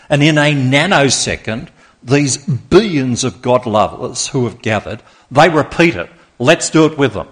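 A man's voice: medium pitch, lively intonation, a bit bright. A man preaching a sermon, speaking with emphasis and leading the congregation in repeating phrases back. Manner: slow, emphatic, leads congregation in call-and-response.

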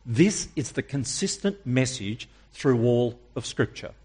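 A man preaching a sermon, emphatic and using dramatic pauses and rhetorical questions. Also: mid-range voice, lively intonation, darkish tone, slightly rough.

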